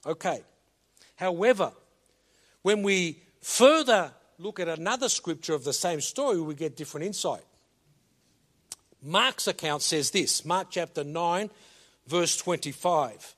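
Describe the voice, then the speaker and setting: Older man in the pulpit, a touch high-voiced, deliberate pace, emphatic sermon delivery. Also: expressive. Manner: slow and emphatic, swinging between loud commands and low asides. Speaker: preacher.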